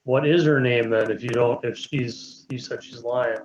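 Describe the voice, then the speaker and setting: Man questioning halting at the game table. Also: medium pitch, fairly even intonation, darkish tone, lo-fi sound. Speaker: player.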